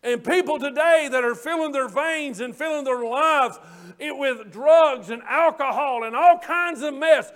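Man preaching, very high-pitched voice, fervent, hollers at times, repeats phrases for emphasis. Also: a little slow, a bit bright. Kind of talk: sermon.

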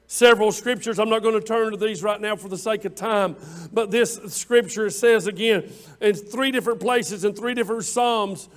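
A high-voiced man preaching a sermon. He leans hard on his words, slowing down and swelling in volume whenever he quotes scripture. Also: fairly even intonation. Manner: preaching with drawn-out emphatic lines, rising louder on scripture quotes. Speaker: pastor.

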